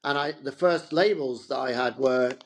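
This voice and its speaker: A middle-aged man with a medium-pitched voice speaks at a moderate pace. As a fashion entrepreneur being interviewed, he shares loose, rambling stories in a chatty manner.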